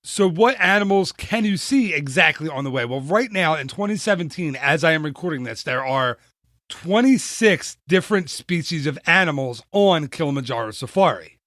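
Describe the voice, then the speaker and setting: Podcast host, male, slightly higher voice, chatty and self-mocking, dry close-miked sound. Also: animated, moderate pace, a bit bright, no echo. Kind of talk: solo travel podcast, casual narration.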